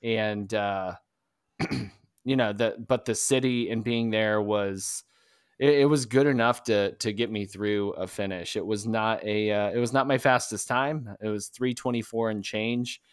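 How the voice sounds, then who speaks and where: A man co-hosting a podcast, telling a story in casual chat, rambling and halting with many fillers and restarts. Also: fairly low pitch, steady tone, clean tone, dry recording, studio quality. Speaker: podcast co-host.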